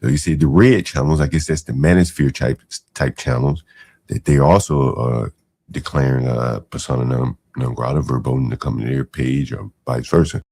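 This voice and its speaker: Reacting to clips on his podcast, this man offers casual, mocking commentary full of fillers and incredulous side remarks. His deep, gravelly voice has a dark tone, fairly even intonation, and a moderate pace.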